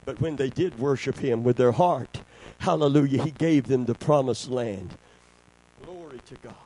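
A man's voice: mid-range voice, moderate pace, mellow. A man preaching a sermon, calling for amens and breaking into song. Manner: call-and-response, asks congregation for amens.

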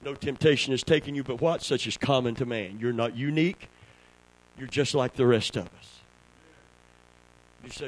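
Speaking at a moderate pace in a mid-range, breathy voice, a Southern American preacher leads a small congregation in church. He calls for responses and tells folksy stories that build to fervent peaks, though the recording is rough.

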